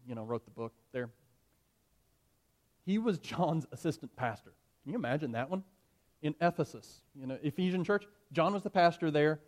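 A male pastor preaching to his congregation. His voice is somewhat higher than most men's, and he speaks earnestly and emphatically, turning from storytelling to direct appeals. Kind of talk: sermon.

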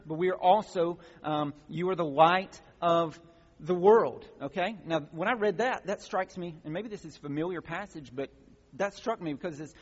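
A man with a fairly high, husky voice preaches a teaching sermon. He explains the passage plainly, then pushes into emphatic calls to action. The sound is muffled and rings with the long reverb of a large hall. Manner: teaching, builds to emphatic exhortations. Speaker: pastor.

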